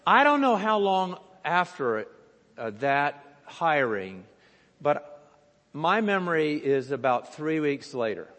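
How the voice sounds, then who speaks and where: A man preaching a sermon as pastor, telling a story slowly and deliberately with voices for the people in it. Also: a little high, very animated, a bit bright. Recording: long reverb of a church hall.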